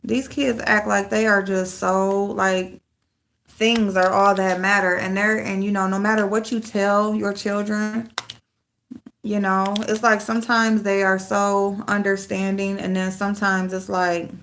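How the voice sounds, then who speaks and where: A woman's voice: mid-range voice, level tone, a little slow, a bit bright, a little hiss or hum. A middle-aged woman venting in casual livestream chat, frank and loose, swearing freely as she talks to viewers. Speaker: livestream host.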